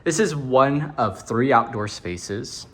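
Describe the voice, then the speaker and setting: A man's voice: medium pitch, lively intonation, slow pace, background noise. A man working as a real estate agent, walking through an empty house and narrating the tour in a chatty, upbeat way with jokey asides.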